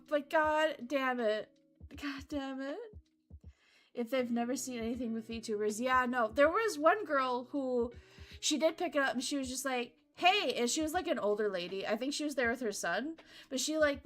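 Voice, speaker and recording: A young woman VTuber chatting casually, telling a story in an animated way, with frequent laughs and casual swearing. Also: high voice, fairly quick. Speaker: VTuber streamer. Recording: faint background music.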